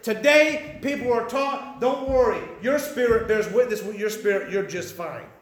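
A fiery pastor preaching to his church, his voice pitched high for a man and ringing through a roomy, echoing hall. He pleads and warns in a folksy drawl. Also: a bit bright. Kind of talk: sermon.

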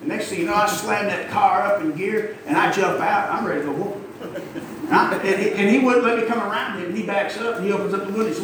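Man, middle-aged pastor, high voice, folksy preaching, distant mic in a very echoey church. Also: fairly even intonation, brisk. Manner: folksy, emphatic preaching with call-and-response. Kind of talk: sermon. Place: church sanctuary. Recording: echoey church from far off, noisy.

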